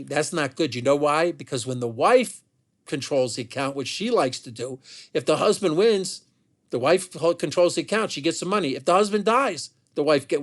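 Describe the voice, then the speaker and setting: A man telling a family story in an unscripted monologue, heated and animated, with many restarts and asides. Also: fairly high pitch.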